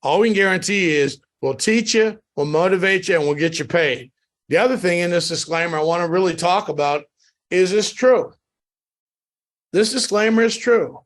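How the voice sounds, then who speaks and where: Guy pitching on a training call, kinda high voice, pushy and repetitive. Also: normal speed. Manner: emphatic, repetitive motivational pitch. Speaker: network marketing trainer.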